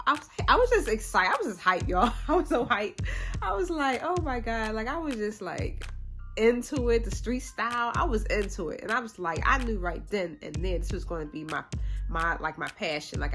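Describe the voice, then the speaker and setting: A woman's voice: on the low side, a bit bright. A woman fashion influencer hosting a casual Q&A vlog. She talks in an upbeat, chatty way and fills her speech with "like.". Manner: upbeat and chatty, lots of "like" fillers. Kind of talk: casual Q&A chat.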